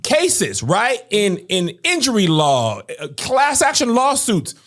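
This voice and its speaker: A woman's voice: medium pitch, wildly swooping pitch, slow. A woman podcast host in casual discussion, arguing her points with rhetorical questions. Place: podcast studio.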